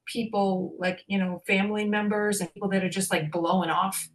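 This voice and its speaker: Animated woman telling a story. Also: mid-range voice, fairly quick. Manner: animated, laughs through her story. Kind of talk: casual storytelling chat.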